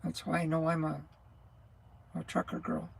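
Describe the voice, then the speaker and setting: A woman's voice: sits low, level tone, normal speed, vocal fry, husky. A woman in her sixties from New Mexico with a scratchy, rattly voice, chatting casually and rambling on a livestream. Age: 60s. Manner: rambling, loses her train of thought, laughs often. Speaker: livestream host, truck driver.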